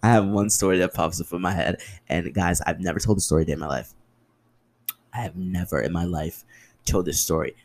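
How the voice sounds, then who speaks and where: Low-pitched and fairly quick, a man in his twenties hosts a podcast solo. His casual storytelling monologue covers personal tales told with profanity and drama, and he answers the questions he raises himself.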